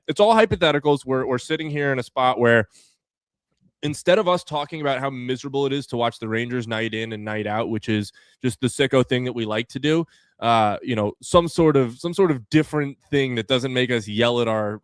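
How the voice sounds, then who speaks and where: A man's voice: mid-range voice, brisk, clear, resonant tone, dry recording. A man hosting a sports podcast, talking casually and with energy as he lays out his ideas, using many fillers. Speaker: podcast host.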